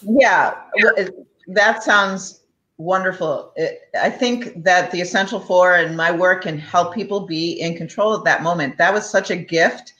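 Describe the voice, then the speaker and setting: Woman hosting a chat, low voice, echoey. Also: measured pace, fairly bright tone, lo-fi sound. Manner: responsive, relays viewer comments. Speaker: host. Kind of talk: interview chat. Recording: roomy echo.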